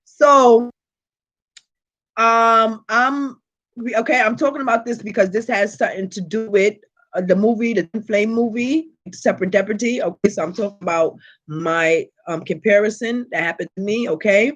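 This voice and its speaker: A woman hosting her channel, telling a personal story in a casual vlog with animated, profane delivery and constant check-ins with her viewers. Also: mid-range voice, normal speed. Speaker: tarot reader and channel host.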